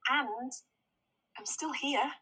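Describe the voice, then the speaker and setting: Woman, casual earnest talker who laughs easily; bright, husky edge. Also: high voice, slow, poor audio. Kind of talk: casual chat.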